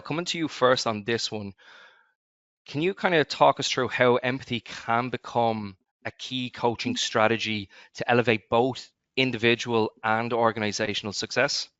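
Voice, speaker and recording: A man's voice: medium pitch, a bit bright, no echo, highs cut off. Man hosting a webinar over a call. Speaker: webinar host. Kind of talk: semi-scripted webinar presenting.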